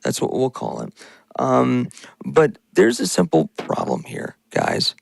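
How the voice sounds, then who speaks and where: A man's voice: medium pitch, huge pitch swings, slow pace, creaky, no room sound, low-quality recording. A man hosting a podcast, delivering an angry, insulting political rant with mocking asides. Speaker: podcast host.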